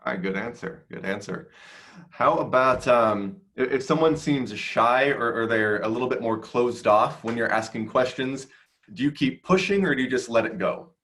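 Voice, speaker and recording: A man's voice: medium pitch, moderate pace, a bit bright. A man moderating a live webinar, reading audience questions in brief, hesitant phrasing.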